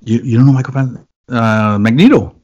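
A man's voice: medium pitch, quick pace, darkish tone, breathy edge, muffled recording. A man chatting casually as a podcast co-host, loose and rambling, swearing and joking. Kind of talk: casual chat.

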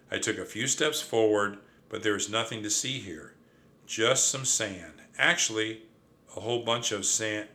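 A man narrates a children's storybook with lively, expressive delivery. His voice sits somewhat low but sounds bright and forceful. He reads with clear energy. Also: a little slow. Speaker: audiobook narrator.

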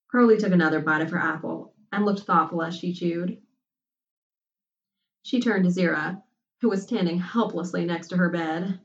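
A woman narrating a story in an even, measured audiobook style. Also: lowish voice, roomy sound. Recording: distant, muffled recording.

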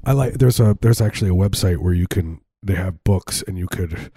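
Man, comedy co-host, low husky voice, rambling, dry close sound. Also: brisk, warm tone, no room sound. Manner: rambling, riffing, full of filler words. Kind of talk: casual comedic chat.

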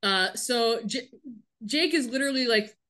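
Bright, wry woman recapping a TV episode. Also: a little high. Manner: wry, laughing, reads show lines in quick put-on voices. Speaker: podcast co-host. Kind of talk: casual recap chat.

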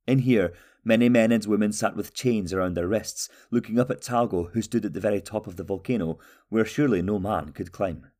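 A man's voice: fairly low pitch, fairly quick, hardly any pauses, darkish tone. Man narrating a fantasy audiobook.

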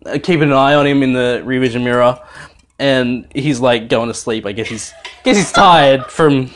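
A young man, a dad telling a family story in a lively, laughing way, swearing freely while he cooks at home in the kitchen. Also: mid-range voice, normal speed, slight background noise. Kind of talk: animated casual storytelling.

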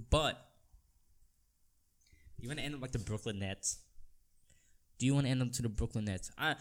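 A young man from Australia hosting a solo sports podcast, talking in an animated, heated way with many restarts. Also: medium pitch. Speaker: podcast host.

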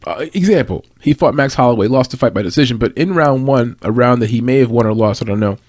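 A man's voice: medium pitch, animated, fast, a little mellow, dry recording, clean studio sound. A man giving a casual, rambling breakdown of an upcoming fight, with restarts and tangents as he talks it through. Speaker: fight analyst.

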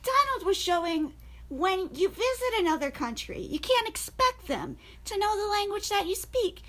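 A woman's voice: extremely high pitch, big pitch swings, moderate pace, fairly bright tone. A woman co-hosting a podcast in casual chat, telling stories animatedly and laughing often. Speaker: podcast co-host.

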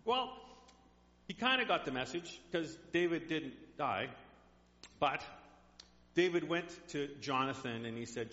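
A man's voice: fairly high pitch, expressive, unhurried, long pauses, sharp tone. A male pastor delivering a sermon in a chatty storytelling manner in a church. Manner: conversational storytelling. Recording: dull echoey hall.

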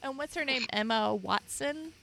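A woman from Michigan in casual chat as a podcast co-host, animated and playful, laughing often. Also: sits high, moderate pace, gravelly. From Michigan, United States.

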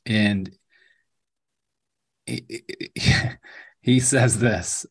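A man's voice: on the low side, normal speed, husky. A man co-hosting a casual faith podcast, reflective and hesitant, often repeating words. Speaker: podcast co-host.

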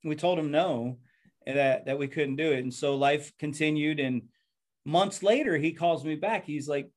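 A man's voice: fairly high pitch, moderate pace, a little mellow. A man who is a pastor, telling his life story in an earnest, reflective interview and often repeating words as he goes.

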